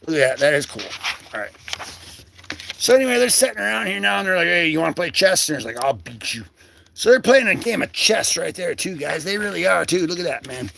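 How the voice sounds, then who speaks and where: Rambling gravelly-voiced male streamer. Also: sits high, very animated, fast talker, fairly bright tone, slight background noise. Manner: rambling, slangy, frequent fillers; talks to chat viewers by name. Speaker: livestream host. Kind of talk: casual livestream commentary on comics.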